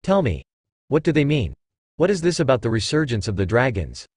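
A man's voice: mid-range voice, big pitch swings, fairly quick, darkish tone, slightly rough, dry recording, studio quality. A man reading the lines of a hot-headed young male fire mage in an evenly read storybook voice. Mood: demanding.

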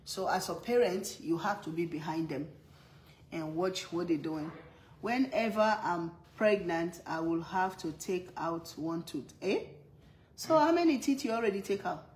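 A woman's voice: on the low side, lively intonation, a little slow, a little mellow, rough recording. A mother with a strong accent chatting casually on a live stream, laughing often and greeting viewers by name. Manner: strong non-native accent.

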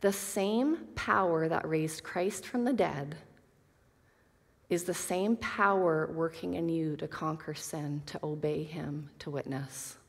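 A woman's voice: sits low, steady tone, takes it slowly, husky. Woman teaching the Bible in an echoing hall. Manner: earnest, reads scripture aloud, casual asides. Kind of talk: Bible teaching to a women's group. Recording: long reverb of a hall.

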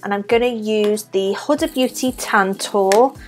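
A woman's voice: mid-range voice, measured pace, soft background music. Chatty Scouse woman doing a makeup tutorial. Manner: chatty, talks through each step while applying makeup. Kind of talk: casual makeup tutorial narration.

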